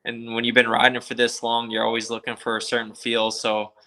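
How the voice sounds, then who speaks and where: A man's voice: mid-range voice, completely flat delivery, a little fast, pushed and bright. A man from the eastern United States, a motocross racer, talking as a guest in a laid-back, plainspoken way. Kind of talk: casual interview chat.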